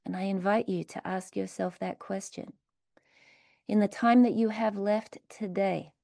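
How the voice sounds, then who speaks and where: A woman leading a guided meditation within a recovery talk, speaking slowly and soothingly with repeated phrases. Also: medium pitch, mellow, dry recording, studio quality. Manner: slow, soothing, repetitive phrasing.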